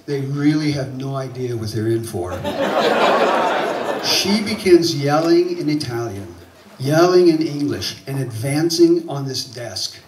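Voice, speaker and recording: A man with a Southern accent tells a story on stage, animated and getting louder as the tension builds. His voice sounds roomy and a little distant, picked up from across a hall. There is a faint hum of ambience behind him. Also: mid-range voice. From South Alabama. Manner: animated, building to loud excitement at tense moments. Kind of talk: live personal storytelling. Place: theater stage.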